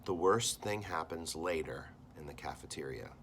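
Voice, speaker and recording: An American man, a teacher, reads a novel aloud to his class and stops to talk about it, acting out the characters' lines with lively swings in his voice. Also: moderate pace, a little hiss or hum. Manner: animated reading, voicing characters with big jumps in pitch.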